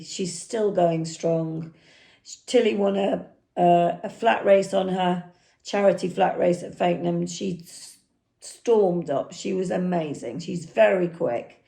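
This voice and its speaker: Lady chatting slow about her horses, um-ing a lot, gravelly mellow voice. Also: on the low side. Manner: rambling, anecdotal, filler-heavy. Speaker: horse eventer and yard owner. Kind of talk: casual vlog talk.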